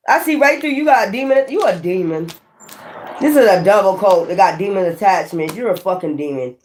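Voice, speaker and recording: A tarot reader giving a casual spiritual reading in a blunt, profane, emphatic way. The voice sits at an ordinary middle pitch. The reader talks straight to the viewers like a preacher. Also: lively intonation, fairly quick, darkish tone. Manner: preachy, addresses viewers directly.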